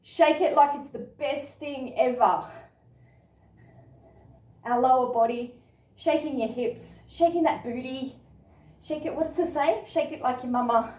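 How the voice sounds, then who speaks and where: A woman guiding a yoga class through movement and body awareness, speaking in an encouraging, gently instructive way. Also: sits high, measured pace, long pauses. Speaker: yoga and meditation teacher. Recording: roomy sound from a distant mic.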